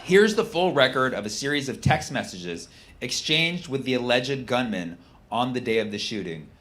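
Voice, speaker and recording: A male comedian on stage, his pitch leaping up and down as he jumps from dry deadpan reading to shouted punchlines. Clear background noise from the live venue sits under his voice throughout. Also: normal speed. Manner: animated, mocking, reads texts aloud in flat deadpan, shouts punchlines. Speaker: stand-up comedian. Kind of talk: stand-up comedy routine.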